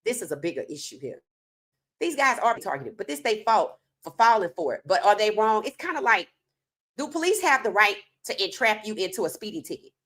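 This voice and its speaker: A woman's voice: mid-range voice, very animated, brisk, a bit bright. Emphatic woman sports commentator. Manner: emphatic, rhetorical questions, addresses viewers directly; casual informal speech. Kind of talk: opinionated sports commentary monologue.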